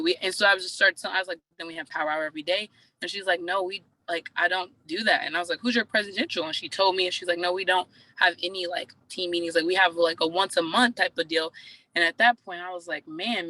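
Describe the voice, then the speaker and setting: A chatty woman recounts a story, slipping into the voices of the people she quotes. Her voice is bright and forceful. The sound is dry and close. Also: on the low side, no echo, rough recording. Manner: chatty, acts out quoted dialogue. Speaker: team member sharing a story. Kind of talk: casual storytelling on a group call.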